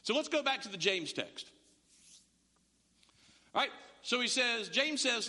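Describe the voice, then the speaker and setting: A man preaches with a high, bright and forceful voice that swings widely in pitch. He talks conversationally and acts out back-and-forth dialogues. His voice rings with the long reverb of a church sanctuary. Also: big pitch swings, unhurried, long pauses. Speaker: pastor. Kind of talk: sermon.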